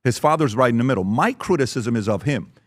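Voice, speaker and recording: A man's voice: mid-range voice, expressive, fast talker, no room sound, studio quality. A man talking on a podcast, emphatic and repeating phrases for emphasis. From Iran. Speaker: podcast host. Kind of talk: opinionated podcast talk.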